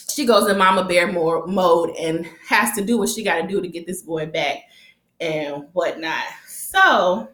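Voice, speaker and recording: A woman recapping a TV episode casually, animated and profane, and often breaking into laughter. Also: on the low side, measured pace, echoey room. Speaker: TV recap vlogger.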